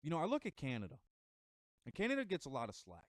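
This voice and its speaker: A man's voice: a little high, huge pitch swings, quick pace, no room sound. An American man giving a casual motivational monologue to camera, emphatic and a bit rambling. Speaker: vlogger giving motivational talk.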